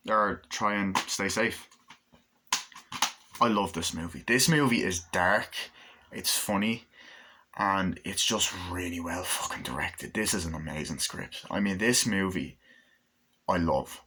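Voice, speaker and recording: A man's voice: lowish voice, bright, forceful tone. A man giving a casual, rambling movie review, enthusiastic and swearing freely.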